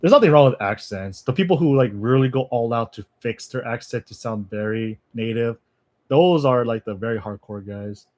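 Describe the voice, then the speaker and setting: A man chats loosely with his viewers on a livestream, often breaking into laughter. His talk wanders, with half-finished thoughts and quick asides. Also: mid-range voice, a little mellow. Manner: chatty, laughs often, thinks aloud with trailing asides. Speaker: language-learning streamer. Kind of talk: casual livestream chat with viewers.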